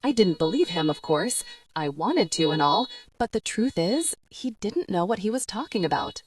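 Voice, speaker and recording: A woman's voice: medium pitch, very animated, moderate pace, no room sound. A woman reading a young-adult audiobook in first person, with a chatty, wry teen-girl storytelling manner. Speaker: audiobook narrator.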